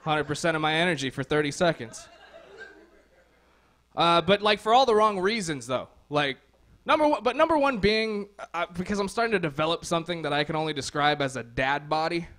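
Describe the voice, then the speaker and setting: A man's voice: fairly high pitch, lively intonation, fairly quick, a bit bright, a little hiss or hum. A young man performing a stand-up comedy set on a club stage, sardonic and crude, rambling with lots of "like.".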